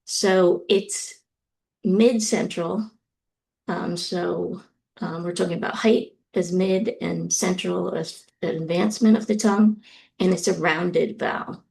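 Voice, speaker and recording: A woman giving a recorded university lecture, explaining slowly and deliberately with frequent ums. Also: on the low side, fairly even intonation, gravelly, darkish tone.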